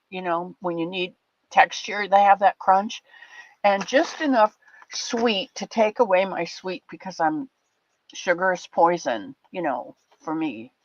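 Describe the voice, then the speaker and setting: Chatty older woman streaming to viewers. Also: medium pitch. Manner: chatty, affectionate, rambling with restarts. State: a bit teary. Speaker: livestream host. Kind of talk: casual chat with live chat viewers. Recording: dull lo-fi dry sound.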